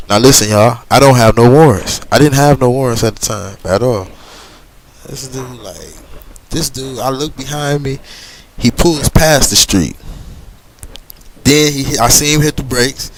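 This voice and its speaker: A middle-aged man talks casually over a driving game. He rambles, circles back often and leans on filler phrases. His voice sits in an ordinary middle range. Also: mid-range voice. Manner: animated, rambling, frequent "you know what I'm saying". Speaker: gaming streamer telling a story. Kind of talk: casual storytelling over gameplay.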